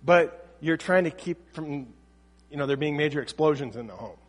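A man's voice: a little high, animated, moderate pace, long reverb tail. A man giving a casual talk on parenting, speaking conversationally and acting out bits of dialogue. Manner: conversational, acts out quoted dialogue. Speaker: parenting teacher.

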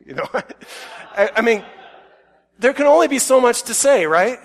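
Man preaching, quiet to emphatic. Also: high voice, lively intonation, moderate pace. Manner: swings from quiet musing to loud emphatic outbursts. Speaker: pastor. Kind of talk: conversational sermon.

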